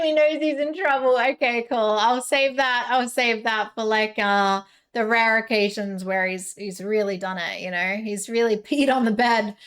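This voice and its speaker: A young woman streaming live and chatting casually with her viewers. Her voice sits high, and she giggles often and leans on plenty of fillers. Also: fairly bright tone, clear, resonant tone. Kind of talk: casual live-stream chat, reading chat aloud.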